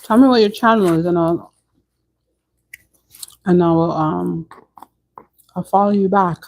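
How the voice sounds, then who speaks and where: A woman's voice: fairly low pitch, measured pace, creaky, a little mellow, rough recording. Chatty woman live-streaming at home. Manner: chatty, answers viewers' comments as she goes. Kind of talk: casual live-stream chat with viewers.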